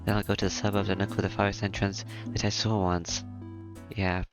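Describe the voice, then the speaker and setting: A man reading a visual novel aloud in a plain, steady voice, stumbling and restarting now and then. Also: on the low side, a little fast. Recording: music playing behind.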